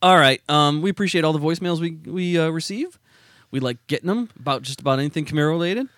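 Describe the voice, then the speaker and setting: A man's voice: on the high side, fast talker, a bit bright, no room sound, clean studio sound. A man hosting a podcast, telling rambling, self-deprecating stories in casual chat. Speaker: podcast host.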